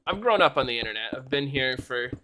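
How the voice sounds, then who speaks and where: A man's voice: medium pitch, animated, fast, bright, forceful tone, a little hiss or hum. A young man streaming live, chatting casually and ranting animatedly, often breaking into laughter. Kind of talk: casual chat.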